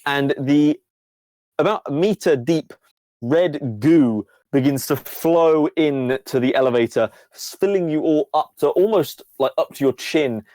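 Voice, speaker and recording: A man's voice: a little high, a little slow, a little mellow. A man narrating a tabletop game as game master, with a rambling, playful delivery full of fillers.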